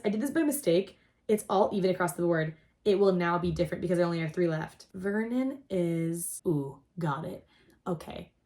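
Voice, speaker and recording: A young adult woman hosting a casual storytelling chat, rambling and excitable, saying "like" constantly. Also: fairly low pitch. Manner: rambling and excitable, heavy use of "like". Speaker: host.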